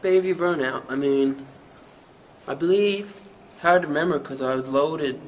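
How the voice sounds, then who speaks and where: An actor with a Newfoundland accent playing a young small-town rapper who rambles through a hazy, profane story in an interview. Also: male voice, on the high side, normal speed, slight background noise, lightly acted, low-quality recording. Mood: rambling. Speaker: mockumentary interviewee.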